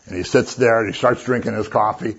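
A man's voice: fairly low pitch, a little fast, gravelly, breathy edge. A man preaching a sermon as a pastor, conversational and joking as he retells the story. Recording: dull lo-fi recording.

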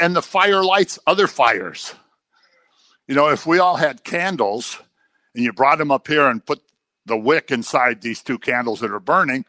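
A man preaching a sermon in a conversational, animated way, sometimes acting out the people he quotes. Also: a little high, no echo.

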